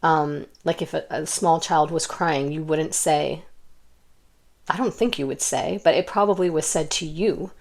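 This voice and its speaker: A young woman giving an intuitive pick-a-card reading, gentle and rambling with many fillers and restarts. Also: sits low, measured pace, gravelly. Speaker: tarot card reader.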